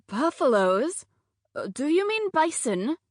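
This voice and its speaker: A woman voicing a poised young female reporter who speaks in a cool, measured, skeptical way. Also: sits high, big pitch swings, no room sound, studio quality, voice pushed up, full character voice.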